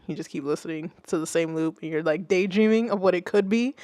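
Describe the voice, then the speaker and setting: A young adult woman, a music producer, hosting a casual livestream and chatting with viewers, swearing freely and swinging between loud outbursts and soft asides. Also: fairly low pitch, dry recording, studio quality. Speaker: music producer and stream host.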